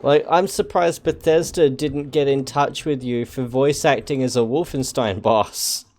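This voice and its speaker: A man streaming a game and chatting casually with viewers, dry and wry, with halting restarts. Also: mid-range voice, steady tone, darkish tone. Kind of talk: casual live-stream chat while gaming.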